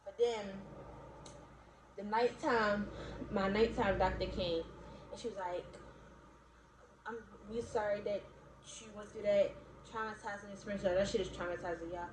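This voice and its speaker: A woman's voice: medium pitch, fairly even intonation, normal speed, pauses often. A young woman from Baltimore chatting casually to viewers, rambling with lots of "like" and "y'all" and frequent laughs. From Baltimore, USA. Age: young adult. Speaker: vlogger. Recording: echoey room, faint background noise.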